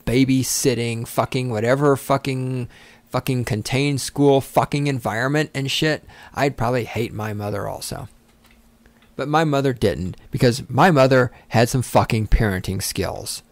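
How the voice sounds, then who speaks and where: A man's voice: medium pitch, dry recording. Man, podcast host, sarcastic, swearing, heated rant, dry close recording. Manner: angry, profane, sarcastic ranting.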